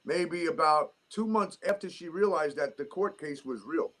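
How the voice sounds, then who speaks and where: Ranting high-voiced New York man. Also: normal speed, a bit bright. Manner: heated ranting with profanity. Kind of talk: casual chat.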